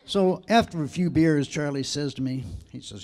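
Male stand-up comic, chatty joke teller, slightly high voice. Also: expressive, a little mellow. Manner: chatty storyteller, doing quick voices in quotes. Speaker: stand-up comedian.

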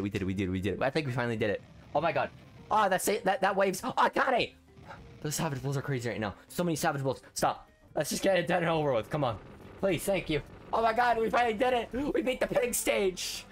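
Excitable young man yelling over gameplay. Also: mid-range voice. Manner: excitable, swings from groans to yelps, repeats words. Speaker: gaming streamer. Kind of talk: live gameplay commentary.

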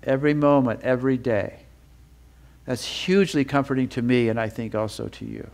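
A man teaching a sermon with feeling, building up with repeated phrases and reading scripture in a slower, lower voice. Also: steady tone, darkish tone. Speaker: Bible teacher.

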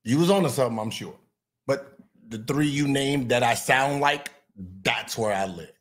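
A man raised in California, hosting his show and reacting to a clip in casual chat, profane, boastful and quick to laugh. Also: mid-range voice.

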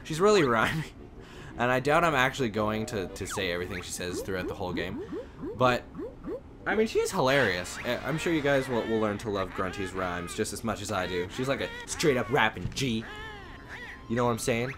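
A man hosting a let's play, commentating in an energetic, rambling, laughing way. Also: lowish voice, a little fast, over music. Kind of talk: game commentary.

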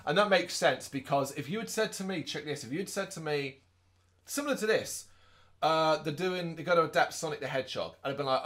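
A man with a voice a little higher than most men's co-hosts a casual film review podcast. He recaps scenes in an animated way and slips into brief put-on voices for quick jokes. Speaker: podcast co-host. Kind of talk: casual movie review chat.

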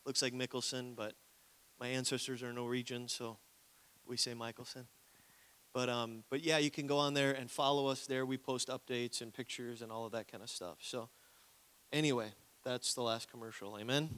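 A man's voice: medium pitch, steady tone, normal speed, fairly bright tone. Conversational evangelist man preaching. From Minnesota, USA. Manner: conversational preaching with frequent call-outs for amen. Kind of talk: sermon.

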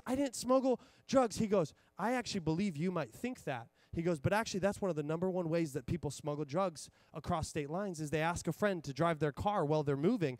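A man's voice: sits high, a little mellow, dry recording, clean studio sound. A young adult man telling a long, rambling personal story during a church sermon, with many restarts and fillers. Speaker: pastor. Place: church stage.

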